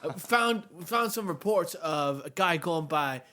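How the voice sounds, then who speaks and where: A man's voice: a little high, lively intonation, measured pace, sharp tone. A man who tells a story in a casual podcast chat, hesitating with many fillers.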